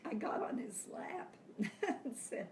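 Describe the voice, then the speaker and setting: An older woman, a grandmother, gently telling family stories with soft laughs, her voice close to tears. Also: fairly high pitch, very animated, slow. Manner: gentle, reflective storytelling with frequent soft laughs. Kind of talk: personal storytelling. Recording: echoey room, mic far off, faint background hiss.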